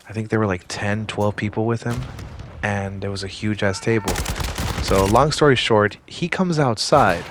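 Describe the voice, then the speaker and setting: A man's voice: lowish voice, moderate pace, background noise. Rambling, cursing man telling a story. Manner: rambling, profane, full of fillers. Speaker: former security guard telling a story. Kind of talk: casual storytelling vlog.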